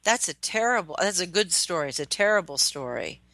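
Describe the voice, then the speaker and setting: A woman's voice: lowish voice, lively intonation, a little fast, a bit bright, a little hiss or hum. A woman in her fifties hosting a radio interview, reacting with short exclamations and adding her own memories. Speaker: radio show host.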